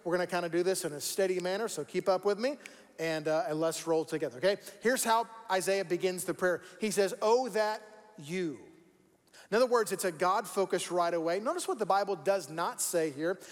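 A man's voice: sits high, a little fast, long reverb tail. A man preaching a sermon as pastor, conversational and repeating words for emphasis. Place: church sanctuary.

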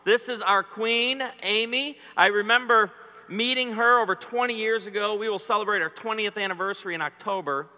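Joking preacher with a bright, high voice. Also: male voice, brisk. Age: 40s. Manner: joking, storytelling, playful banter with the crowd. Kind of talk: humorous sermon to a congregation. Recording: long hall reverb.

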